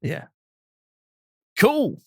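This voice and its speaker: A man's voice: very slow, darkish tone, no room sound, studio quality. A man co-hosting a podcast who teases his partner and laughs easily in casual chat. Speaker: podcast co-host.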